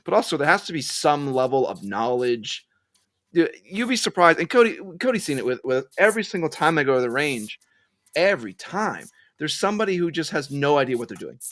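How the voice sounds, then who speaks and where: Animated higher-voiced man telling stories. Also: fairly quick. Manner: animated storyteller. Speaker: podcast co-host. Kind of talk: casual panel chat.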